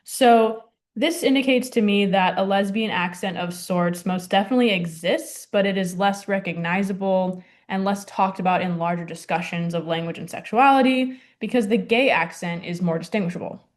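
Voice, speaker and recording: A young adult woman presenting a class project, hesitant and full of ums and likes. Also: medium pitch. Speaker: student presenter.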